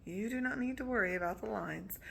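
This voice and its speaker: A woman reading a gentle, formal young princess. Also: medium pitch, fairly quick, creaky, slight background noise. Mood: earnest.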